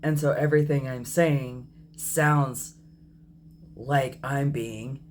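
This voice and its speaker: Man, 30s, unhurried, candid vlog confessional, reflective and apologetic. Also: mid-range voice, steady tone, noisy background. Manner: reflective and apologetic, with frequent ums and self-corrections. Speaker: vlogger. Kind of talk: candid personal video diary.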